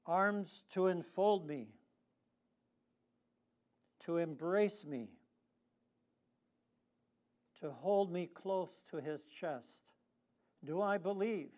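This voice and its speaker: A male preacher delivers a sermon at an unhurried, deliberate pace, letting long pauses hang between phrases. His voice sits slightly higher than most men's. Now and then he calls on the congregation to repeat a line with him. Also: a little mellow. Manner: leads the congregation in responsive reading.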